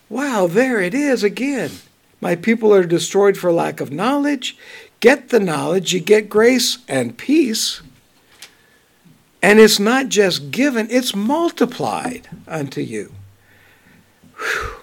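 A man preaching a Bible study, reading verses slowly and then commenting in a relaxed, conversational way. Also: high-pitched, gravelly. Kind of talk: bible teaching.

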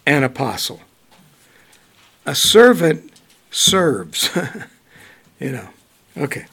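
A man preaching a Bible study, reading verses slowly and then commenting in a relaxed, conversational way. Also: mid-range voice, gravelly, slightly rough. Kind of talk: bible teaching.

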